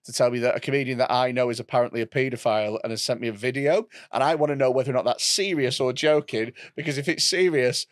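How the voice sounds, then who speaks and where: A man's voice: medium pitch, fast talker, hardly any pauses, no room sound, studio quality. A man co-hosting a comedy podcast in casual chat, crude and joking, swearing freely. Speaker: podcast co-host.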